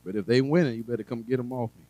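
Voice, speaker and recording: A preacher giving a sermon to a congregation, talking conversationally with humor and asides, swinging between quiet drawn-out phrases and loud emphasis. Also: male voice, mid-range voice, no echo, rough recording.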